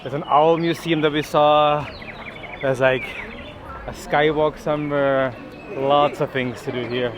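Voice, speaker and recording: A man's voice: fairly high pitch, fairly even intonation, a little slow, background noise. A man travel vlogger talking in an easygoing, casual way while hiking an outdoor trail. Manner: easygoing, loose chatter with fillers. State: out of breath from hiking.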